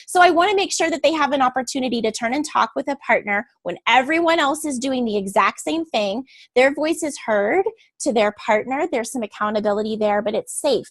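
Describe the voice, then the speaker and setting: A woman's voice: fairly high pitch, dry recording. A woman teacher giving an earnest, explanatory lecture to adult learners before a read-aloud. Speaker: teacher educator.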